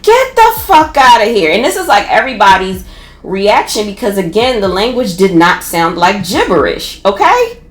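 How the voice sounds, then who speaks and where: A woman with a Philadelphia accent telling a personal story in a casual, animated, profane way. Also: mid-range voice. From North Philadelphia. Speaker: podcast storyteller. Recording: roomy echo.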